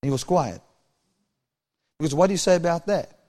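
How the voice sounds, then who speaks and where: Male preacher, high register, storytelling sermon that acts out the dialogue. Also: normal speed, mellow. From South Africa. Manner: storytelling, acting out dialogue with chuckles.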